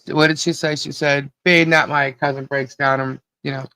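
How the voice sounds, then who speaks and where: A podcast co-host with a hoarse voice, cheerfully greeting viewers one by one on a live stream. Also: medium pitch, little pitch movement, moderate pace, sharp tone, no echo. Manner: giddy, laughing, greets viewers by name.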